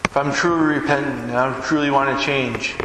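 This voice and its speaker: A male pastor delivers a sermon in a church sanctuary, speaking a little fast in a mid-range voice with fairly even intonation. He tells stories and acts out the quotations, recorded in an echoey hall with ambient noise.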